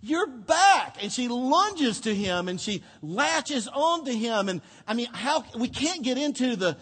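A male pastor preaching a sermon, telling the story expressively, dropping to a hush and then rising to emphasis. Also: very high voice, a little slow. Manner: expressive storytelling, swinging between hushed and emphatic. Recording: long hall reverb.

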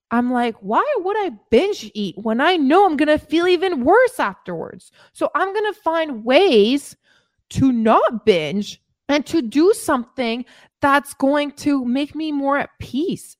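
High, lively woman coaching podcast. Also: dry recording, studio quality. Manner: emphatic, repeats phrases for stress. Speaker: fitness coach and podcast host. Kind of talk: motivational podcast talk.

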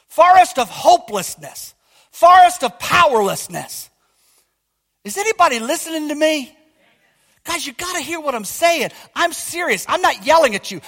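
A man's voice: extremely high pitch, bright, forceful tone. A man preaching a fiery sermon as pastor, emphatic and often asking his congregation whether they are listening. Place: church. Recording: long hall reverb.

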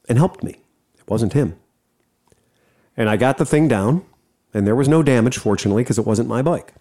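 Casual male podcast host, mid pitch, profane and lively storyteller.

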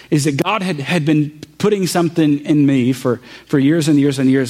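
A young man from the Saint Louis area preaches a personal testimony in a slightly higher than average voice. He talks earnestly, stumbling over restarts and repeating words, then builds into a heartfelt, impassioned appeal. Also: darkish tone. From Saint Louis area, Missouri. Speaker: pastor.

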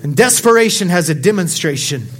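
High-pitched, passionate male preacher. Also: lively intonation, a little fast, faint music behind. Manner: passionate preaching, swings from quiet to shouting; rhetorical questions to the congregation. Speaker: pastor. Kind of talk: sermon. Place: church sanctuary.

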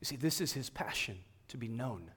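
A man preaching a sermon, swinging between emphatic, raised passages and quiet, hushed ones. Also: mid-range voice, lively intonation, moderate pace, slightly rough. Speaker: pastor.

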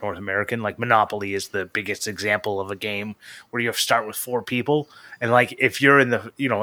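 A man co-hosting a podcast in casual chat, relaxed and rambling with lots of fillers. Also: on the low side, no echo. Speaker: podcast co-host.

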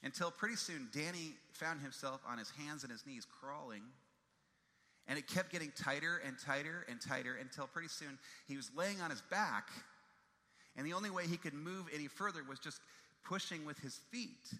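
A man's voice: fairly high pitch, normal speed, bright, forceful tone, in a large hall. A man preaching a sermon as a pastor. He tells stories with emphasis and repeats his key phrases.

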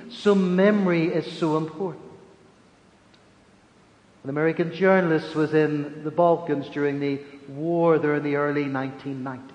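A man with a high voice preaches a sermon in a big echoey hall, the reverb trailing after each phrase. He talks in a measured way and slows down to press his points home. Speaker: religious leader.

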